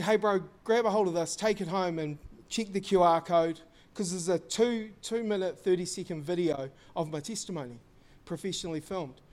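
A male preacher with a notably high voice. He preaches casually, tells stories and acts out the lines people said, with plenty of slang thrown in. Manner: lively storytelling, acting out quoted dialogue; casual, slangy talk to the congregation. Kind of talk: sermon.

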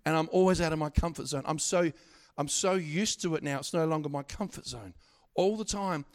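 Middle-aged male preacher, high-pitched, animated sermon delivery with stammered restarts. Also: fairly quick. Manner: animated, swings from loud exhortation to quiet asides, stammering restarts.

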